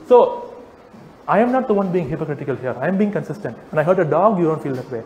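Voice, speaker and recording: High-voiced man in an echoey hall. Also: quick pace. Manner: animated, teasing, rhetorical questions to the audience. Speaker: speaker addressing a live audience. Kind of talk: persuasive public talk. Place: large hall with audience. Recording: echoey hall, faint background noise.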